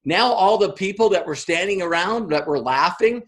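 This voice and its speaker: Lively, animated man giving a training talk. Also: high-pitched, normal speed. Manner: animated, acts out other people's voices. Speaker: business trainer.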